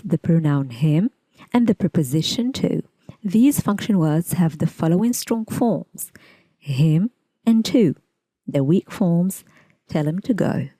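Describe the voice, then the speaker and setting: A woman teaching English pronunciation in a scripted lesson, speaking in a measured, deliberate way and enunciating example words slowly. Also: fairly low pitch, mellow, no room sound.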